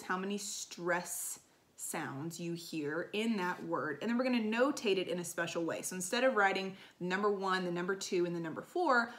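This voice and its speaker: A woman's voice: on the low side, fairly bright tone. A woman music teacher giving a recorded lesson to children, explaining in an upbeat teacherly way with frequent ums and okays.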